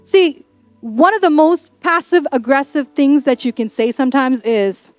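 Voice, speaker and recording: A woman pastor delivers a sermon with a bright, high voice, joking and chatting with her congregation. The sound is close and dry, with soft music underneath. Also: animated, moderate pace, no echo. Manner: playful, conversational preaching with acted-out asides. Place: church.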